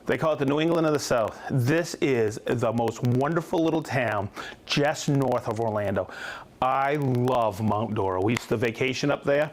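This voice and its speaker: A man's voice: mid-range voice, moderate pace, a little hiss or hum. A man hosting a live product stream, chatty and upbeat, demonstrating tools and reading out viewers' hometowns. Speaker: host of a company livestream. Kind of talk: live product demo and viewer shout-outs.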